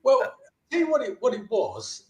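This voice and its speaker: A man's voice: sits high, wildly swooping pitch, normal speed, mellow, reverberant. A filmmaker being interviewed, a man telling a long anecdote casually, often restarting his sentences and briefly mimicking the people in his story. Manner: chatty, with frequent restarts and brief put-on voices for the people in his stories.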